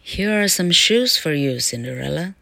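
A woman reading the lines of a kind fairy godmother slowly and clearly in a storybook lesson. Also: sits low, animated, sharp tone, no room sound, full character voice. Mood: kindly.

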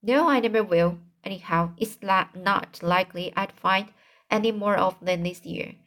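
A woman's voice: mid-range voice, moderate pace, fairly bright tone, natural voice. A woman voicing a mischievous small boy who confides and pleads in a storybook reading. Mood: sheepish.

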